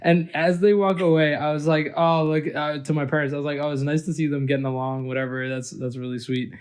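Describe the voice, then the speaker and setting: A man's voice: on the high side, fairly even intonation, brisk, darkish tone, smooth. A man guest on a casual podcast who tells rambling, self-deprecating stories. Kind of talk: casual chat.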